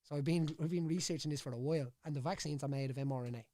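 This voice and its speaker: A man's voice: on the high side, rapid-fire, mellow. A man with a Dublin Irish accent, a podcast guest talking casually and rambling, with stumbles, repeated words and "you know what I mean" tags. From Ireland. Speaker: podcast guest, former fighter. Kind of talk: casual chat. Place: studio.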